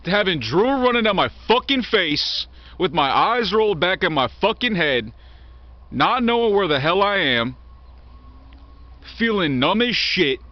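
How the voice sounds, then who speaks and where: A man's voice: high voice, big pitch swings, measured pace. A man in his thirties talking straight to camera, blunt and heavily profane, rambling with frequent restarts. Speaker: vlogger. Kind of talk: candid personal monologue. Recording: dull lo-fi recording.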